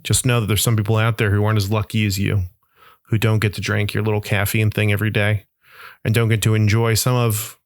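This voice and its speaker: A man's voice: fairly low pitch, steady tone, a little fast, dry recording, studio quality. A young adult man hosting a podcast, telling rambling, self-mocking comic stories in a monologue. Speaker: podcast host.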